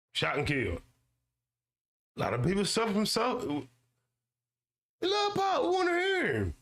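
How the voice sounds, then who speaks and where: A man hosting his own show, ranting and swearing in slang, repeating himself and mocking others in high-pitched voices. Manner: loud swearing rant with slang and repetition. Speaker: YouTube show host. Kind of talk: ranting commentary monologue.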